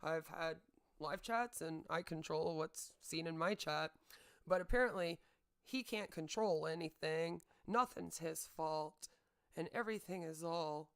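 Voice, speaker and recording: A woman's voice: on the low side, animated, unhurried, clear, resonant tone. A woman streamer delivering a heated, sarcastic rant to her audience, repeating her points for emphasis. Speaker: streamer and channel host. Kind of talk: livestream rant.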